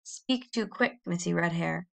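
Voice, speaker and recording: A woman reading a storybook voices a tall, unhurried man of few words. He asks short, halting questions in a calm way, over a gravelly, creaky tone. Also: fairly low pitch, full character voice. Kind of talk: audiobook reading.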